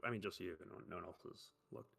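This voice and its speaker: A man's voice: sits low, fast, gravelly, a bit bright, breathy edge, soft background music. A man acting as game master, narrating a tabletop game in a rambling, loose way full of fillers.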